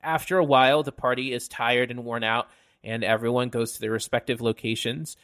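Man, bright voice, game master narrating a tabletop game, frequent fillers and pauses. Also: medium pitch, steady tone. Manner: halting, filler-heavy narration.

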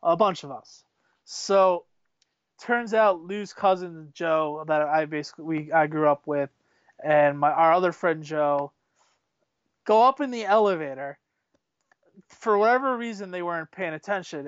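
A man casually telling excitable, rambling stories, full of fillers and restarts. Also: on the high side, normal speed, clean tone, no echo, highs cut off. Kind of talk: casual storytelling chat.

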